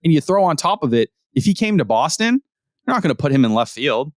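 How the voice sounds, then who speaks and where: A man co-hosting a podcast, talking sports in casual, profane, animated chat. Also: on the high side, no echo, studio quality. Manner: animated, profane, rapid-fire opinions. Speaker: podcast co-host.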